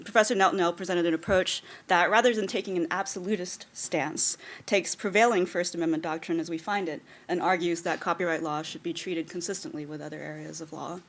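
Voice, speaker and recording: A middle-aged woman with a somewhat low voice delivers closing remarks at an academic law conference. Her speech is articulate and prepared, though dotted with ums and small restarts. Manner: warm, articulate, frequent ums. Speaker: conference organizer and closing speaker. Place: lecture hall.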